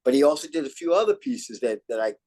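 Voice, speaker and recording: An older man from New York, an actor, telling stories in a relaxed interview and acting out old lines and catchphrases. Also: fairly high pitch, fast talker. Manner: animated, acts out quotes and catchphrases. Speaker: actor guest.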